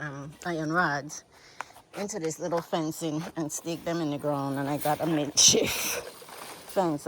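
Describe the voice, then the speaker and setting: A woman vlogging casually outdoors on her farm, chatty and excitable, talking straight to her viewers from a handheld phone. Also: low voice, a little hiss or hum. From United States. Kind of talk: casual vlog narration while working.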